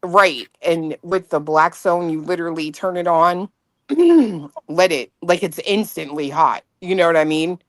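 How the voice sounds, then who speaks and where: Low-voiced woman chatting, dry sound. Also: unhurried, no room sound. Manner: animated, swears, talks in quoted asides. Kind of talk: casual chat.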